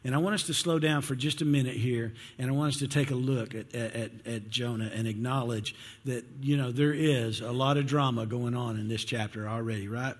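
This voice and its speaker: Husky male preacher, conversational sermon, echoing church hall. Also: medium pitch, steady tone, brisk, few pauses. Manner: conversational, asks the congregation questions, repeats words when he stumbles. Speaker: pastor. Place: church sanctuary. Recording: long hall reverb.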